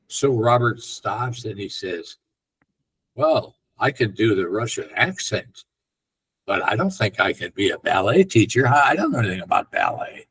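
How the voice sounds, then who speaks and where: A man's voice: lowish voice, normal speed, creaky, slightly rough, poor audio. An older man and film director, a guest on an interview, casually telling a long anecdote and acting out the lines of the people in it. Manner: animated storyteller who acts out quoted dialogue.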